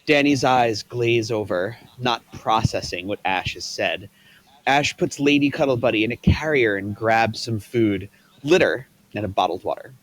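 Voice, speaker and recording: A man's voice: fairly low pitch, moderate pace, no room sound. Man reading stage directions. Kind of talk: table read narration.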